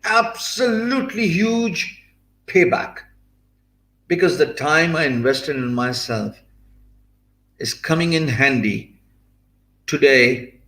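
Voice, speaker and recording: A man's voice: mid-range voice, creaky, a bit bright, reverberant. A man from Pakistan with a Pakistani English accent, giving an earnest motivational talk about freelancing, with many fillers and restarts.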